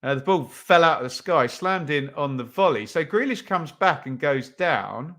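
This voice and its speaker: A man's voice: fairly high pitch, animated, moderate pace, a bit bright. Chatty man hosting a live stream. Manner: chatty, reads out chat comments, many ums. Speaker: watch-along stream host. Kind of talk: live football watch-along chat and commentary.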